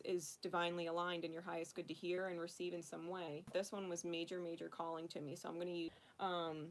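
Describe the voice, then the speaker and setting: A woman hosting a casual livestream card reading, chatting and laughing often before softly calling in her angels. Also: fairly low pitch, a little hiss or hum. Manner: chatty, laughs often, soft prayerful invocations. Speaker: spiritual card reader.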